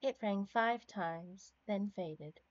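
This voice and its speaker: A woman streamer reading a game's narration aloud at a slow, measured pace. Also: mid-range voice. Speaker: streamer reading game text. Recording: dry, slightly dull stream audio.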